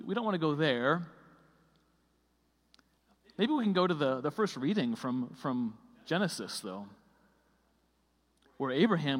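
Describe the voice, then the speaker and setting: A man with a fairly high voice delivering a sermon. He talks loosely and conversationally, with frequent fillers and restarts. His words ring out with a long reverb through a large church. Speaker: preacher.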